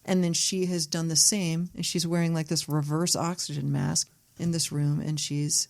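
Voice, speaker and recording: Podcast guest: woman, lower-pitched, animated, salty storyteller. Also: normal speed, creaky. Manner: animated storyteller, acts out quotes, swears freely. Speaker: filmmaker guest. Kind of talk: casual podcast chat.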